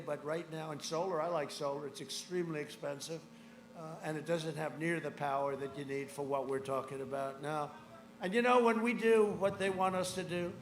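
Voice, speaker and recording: A man in his seventies giving a rambling campaign rally speech, swinging between shouted lines and muttered asides. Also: fairly high pitch. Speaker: political speaker at a rally. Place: large outdoor rally. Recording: echoey outdoor rally with crowd noise.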